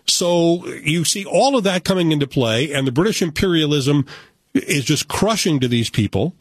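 American male film critic, animated and opinionated, casual chat, dry close mic. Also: on the high side, moderate pace, no room sound. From United States.

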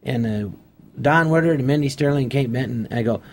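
A man's voice: mid-range voice, fairly quick. A middle-aged man telling show-business anecdotes in casual conversation, acting out the voices of people he quotes. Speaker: interview guest. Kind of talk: casual storytelling.

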